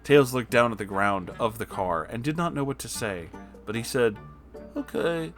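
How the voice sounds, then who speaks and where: A man reads a story aloud in a mid-pitched voice, bright and forceful. His delivery swings widely in pitch as he pauses for mocking side comments. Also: expressive, soft background music. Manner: mocking asides, frequent laughter. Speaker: storyteller reading fan fiction. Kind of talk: comedic dramatic reading.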